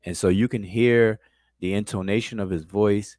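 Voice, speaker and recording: A man in a casual discussion, explaining points analytically and pausing to search for words. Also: on the low side, fairly even intonation, a little mellow, dry recording.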